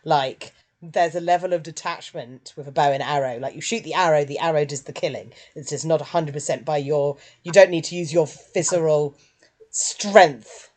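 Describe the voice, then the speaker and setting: A woman co-hosting a casual film review chat, animated and quick to put on silly voices. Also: low-pitched. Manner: animated, puts on silly voices when quoting. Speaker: podcast co-host.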